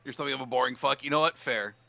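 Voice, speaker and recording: A man's voice: mid-range voice, racing, gravelly, pushed and bright, a little hiss or hum. A man streaming a game, chatting casually, playful and jokey, swearing freely. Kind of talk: casual chat while gaming.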